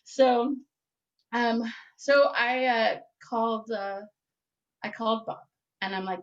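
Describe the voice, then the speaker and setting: A woman's voice: a little high, slow pace, muffled recording. A woman telling a personal story in a candid, rambling way, often correcting herself with fillers.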